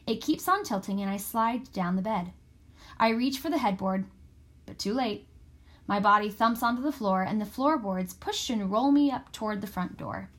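A woman reading a first-person story aloud in a steady, expressive way. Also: mid-range voice. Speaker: audiobook narrator. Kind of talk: scripted first-person narration.

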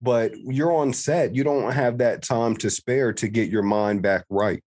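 A man's voice: medium pitch, unhurried, a little mellow. A man co-hosting a podcast, asking questions in a loose, joking way and swearing casually. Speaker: podcast co-host. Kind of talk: casual interview chat.

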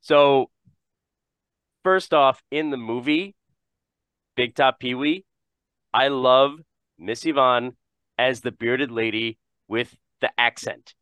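A man hosting a casual podcast chat, animated and laughing often, with casual swearing. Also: medium pitch, slow pace, pauses often, clear, resonant tone, no echo.

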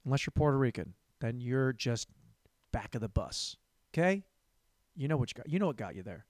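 A man's voice: mid-range voice, very animated, brisk, darkish tone, dry recording, studio quality. A young man hosting a comedy podcast, telling a crude, rambling story and repeating words for laughs.

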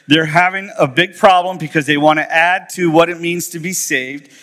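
A man's voice: a little high, fairly bright tone, in a large hall. A middle-aged man preaching a sermon as pastor, telling a story conversationally and reading scripture aloud. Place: church.

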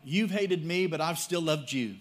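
A man's voice: on the high side, normal speed. A man preaching a sermon in short phrases for an interpreter, telling a humorous personal story.

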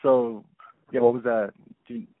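A man co-hosting a relaxed movie podcast, chatting in an easygoing way with lots of restarts and quick laughs. His voice comes through thin and tinny, like a phone line, with no room sound. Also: mid-range voice, dry recording. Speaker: podcast co-host. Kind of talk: casual movie podcast chat.

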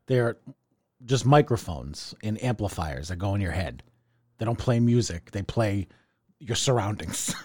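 A young man with a low voice that swings widely in pitch, joking and swearing through casual podcast banter. The sound is dry and close. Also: measured pace, no room sound. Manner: wry, swearing, animated banter. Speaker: podcast co-host. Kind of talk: casual chat.

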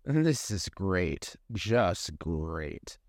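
Grumpy sarcastic young guy, complaining, with lively swings in pitch, played by a man. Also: extremely slow, dry recording, studio quality, exaggerated voice.

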